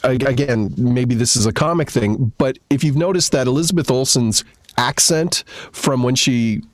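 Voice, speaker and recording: A man chatting casually about pop culture on a podcast. His voice is dry and close, with no room echo, and he talks in a relaxed, hesitant way. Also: medium pitch, normal speed.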